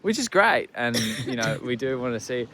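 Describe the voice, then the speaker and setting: A man's voice: medium pitch, big pitch swings, normal speed, a crowd in the background. A young Australian man chatting casually and joking in a laid-back travel vlog. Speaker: travel vlogger. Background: background music.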